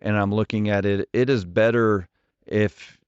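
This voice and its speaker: A ministry leader in his forties, appearing as a podcast guest, tells stories earnestly and directly in an interview, often restarting his words. His voice is lowish, smooth and a little slow with fairly even intonation. The muffled recording has no room sound.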